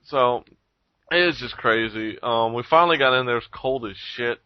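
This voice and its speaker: Male co-host, casual storyteller who swears and mimics others, mid-pitched, dry close mic, lo-fi sound. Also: moderate pace, smooth, no echo. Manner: animated storytelling, swears a lot, acts out quotes. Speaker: podcast co-host. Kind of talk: casual chat. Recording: dull lo-fi recording.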